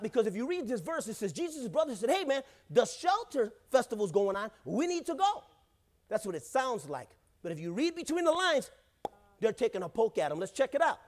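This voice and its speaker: A male pastor preaching a sermon in church, in a casual, joking way, often calling out to the congregation. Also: very high voice.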